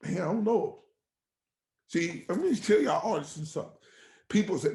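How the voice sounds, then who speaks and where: A man with a slightly high, gravelly voice tells his story as a pastor's testimony. He acts out the people he quotes and drops from loud to almost a whisper. The room around him has a noticeable echo. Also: animated, normal speed, pauses often. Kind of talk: emotional personal testimony on a podcast.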